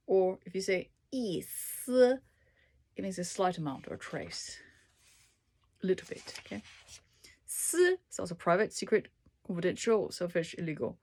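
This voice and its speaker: A woman casually reads dictionary entries aloud to herself as she learns Chinese, trying out words with small asides and an occasional whisper. Her voice is lowish with a darkish tone.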